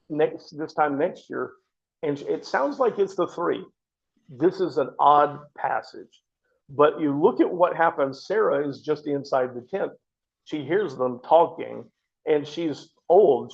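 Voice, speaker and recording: A man's voice: a little high, creaky, husky, lo-fi sound. A man teaching a Bible study class, earnest and explanatory, often restarting his sentences. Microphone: microphone.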